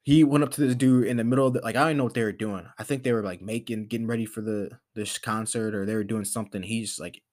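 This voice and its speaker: Rambling man with a lowish voice. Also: steady tone, quick pace, few pauses, darkish tone. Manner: rambling, many fillers and restarts. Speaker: podcast host. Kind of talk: casual motivational monologue.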